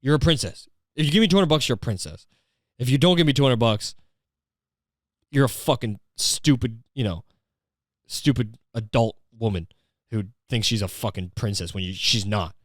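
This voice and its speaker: A man's voice: mid-range voice, normal speed, no echo, natural voice. Guy doing a sleazy broke gambler husband begging for cash, rambly, dry sound. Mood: wheedling. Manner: wheedling, rambling, switches to insults.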